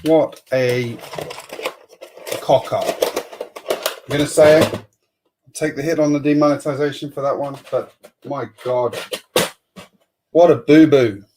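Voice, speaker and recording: A chatty man hosts a relaxed live stream, greeting viewers and talking to himself as he sorts things. His voice sits at a middling pitch and drifts now and then from the mic. A faint noise hums behind him. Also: measured pace, long pauses. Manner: chatty, greets chat viewers, mutters while sorting bricks. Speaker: host of a building live stream. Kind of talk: casual live-stream chat.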